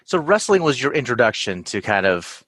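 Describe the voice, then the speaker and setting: A man's voice: medium pitch, sing-song, normal speed, a bit bright, husky, no echo. Reflective male podcast host. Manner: reflective, hesitant, many fillers. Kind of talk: interview conversation.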